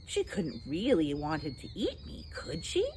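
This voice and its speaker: A woman doing a soft amused baby girl. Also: low voice, wildly swooping pitch, unhurried, a little hiss or hum, full character voice. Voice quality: soft, laughing voice.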